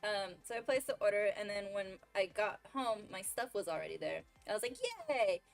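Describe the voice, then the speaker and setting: A woman's voice: mid-range voice, a little fast, gravelly, soft background music. A young woman streamer chatting casually, telling a story with lots of laughs and fillers. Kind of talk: casual chat while gaming.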